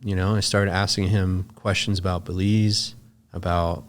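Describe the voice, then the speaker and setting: A man with a somewhat low voice recounts a story as a podcast guest. His speech is loose and casual, peppered with filler words and cursing. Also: little pitch movement, moderate pace. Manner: loose and profane, full of "like" fillers.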